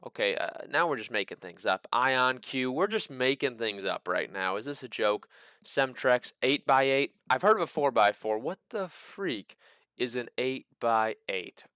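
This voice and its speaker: A man's voice: medium pitch, animated, normal speed, bright, forceful tone, clean tone, dry recording, clean studio sound. A man hosting a casual stock market video, full of joking, incredulous asides. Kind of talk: casual commentary.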